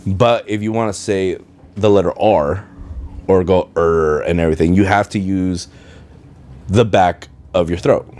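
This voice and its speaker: Speaking in a low, a little mellow voice with fairly even intonation and no rush, this podcast host rambles casually from home. His English has a slight Spanish accent, rolled R's included, and he tends to lose his train of thought. A dishwasher runs while faint video game music plays.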